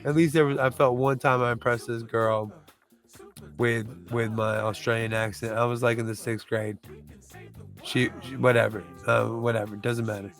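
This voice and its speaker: A man's voice: medium pitch, little pitch movement, moderate pace, fairly bright tone, soft background music. A man who reviews movies chats casually through a countdown, rambling loosely, restarting and groping for names.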